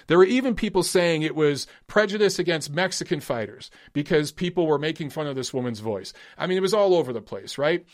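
Male podcast host, somewhat high voice, loose and rambling, casual swearing. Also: expressive, a little fast. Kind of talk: casual opinion commentary.

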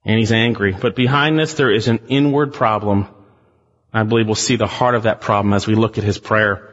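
A man's voice: lowish voice, fairly even intonation, a little fast, big-room sound, highs cut off. A male pastor preaching a sermon in an earnest, emphatic way, speaking straight to his congregation.

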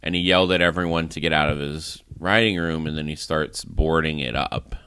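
A man's voice: rumbling low, steady tone, fairly quick, bright, forceful tone, clear, resonant tone, no room sound. A man hosting a casual movie review podcast, recapping the plot in a rambling way with lots of "like" and laughs. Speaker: podcast host.

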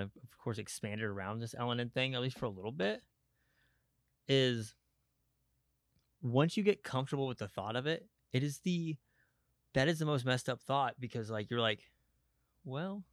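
A man's voice: mid-range voice, fairly bright tone, no echo. Candid man with a dry close sound. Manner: candid, halting, with frequent restarts and fillers. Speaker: podcast host. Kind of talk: personal podcast monologue.

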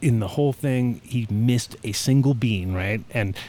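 A man's voice: mid-range voice, measured pace. Rambling, profane man telling a story. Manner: rambling, animated, profane storyteller, acts out quotes. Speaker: podcast host. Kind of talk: casual storytelling chat.

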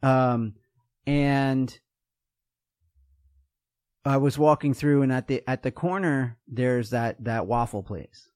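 Animated jokey man, dry sound. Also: medium pitch, takes it slowly, long pauses, no echo. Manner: animated, jokey, acts out voices. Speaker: podcast host. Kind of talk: casual chat.

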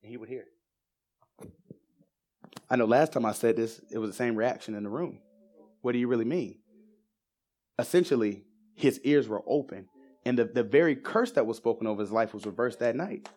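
A man preaching in church, telling testimonies in a storytelling way that builds into excited emphasis. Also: medium pitch, moderate pace, long pauses. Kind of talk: sermon testimony.

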